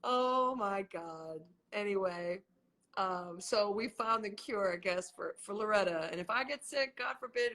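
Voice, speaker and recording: A woman in her fifties hosting a casual video-call chat, animated and swearing freely. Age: 50s. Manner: animated, swears freely, big swings in pitch. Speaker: host.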